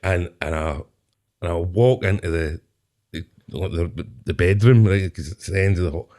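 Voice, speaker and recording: A man's voice: deep voice, moderate pace, a little mellow. A Scottish man telling a long comic story as a podcast guest, rambling, swearing and laughing through his asides. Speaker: guest comedian. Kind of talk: casual storytelling.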